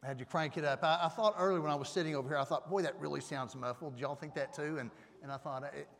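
Male preacher, fairly high voice, casual sermon to the congregation, stage mic in an echoing hall. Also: fast, vocal fry, a bit bright. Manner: conversational, asks the audience questions. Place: church hall. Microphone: stage microphone. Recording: long reverb of a hall.

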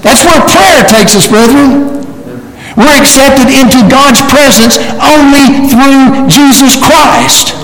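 A man with a high voice preaches to his congregation, pressing his points and circling back on his words. His voice rings through an echoey hall with a long reverb tail. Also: slow pace, fairly bright tone. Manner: emphatic, repeats words, addresses congregation as brethren. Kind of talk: sermon.

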